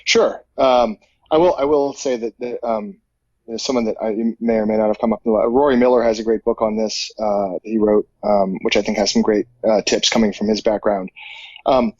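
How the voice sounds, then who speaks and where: A man's voice: lowish voice, fairly even intonation, normal speed, darkish tone, slightly rough, dry recording, dull audio. A man, a professor and firefighter, answering interview questions in a casual, thoughtful way with many fillers and restarts. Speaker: psychology professor and firefighter guest.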